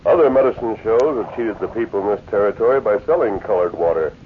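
A calm, steady masked Western hero, voiced by a man in a vintage radio drama, measured and probing. The voice sits low. The sound is narrow and tinny with a faint hiss. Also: natural voice. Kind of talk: 1940s radio drama acting. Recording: tinny old radio recording.

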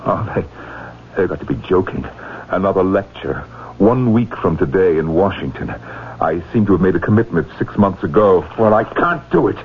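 An actor playing an anxious, haunted professor in a radio drama, hesitant and stammering. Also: male voice, deep voice, lively intonation, normal speed. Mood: flustered. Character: anxious, haunted middle-aged male professor. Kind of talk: 1960s radio drama acting. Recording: tinny phone-like old radio audio with faint noise.

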